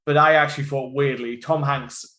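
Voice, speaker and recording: Male podcast co-host, mid-pitched, lively and stammering, roomy echo on the mic. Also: normal speed. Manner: animated, laughing, stammering restarts. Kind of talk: casual film chat. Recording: echoey room.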